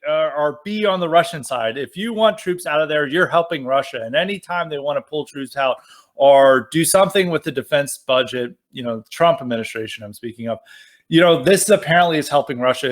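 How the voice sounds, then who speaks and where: A man talking casually about politics, animated and sarcastic, with many fillers. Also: a little high. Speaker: podcast guest.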